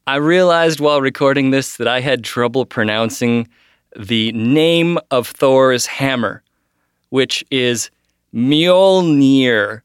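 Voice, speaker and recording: A man's voice: medium pitch, slow, clean tone, no echo. Guy author talking earnest and thoughtful, mid voice, super dry sound. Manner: earnest, reflective. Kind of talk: casual talk.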